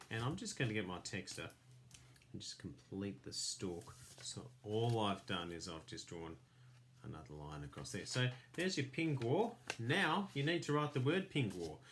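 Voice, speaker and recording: A man's voice: lowish voice, animated, a little slow, a bit bright, a little hiss or hum. A man teaching a children's class, giving patient step-by-step craft instructions. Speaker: primary school teacher.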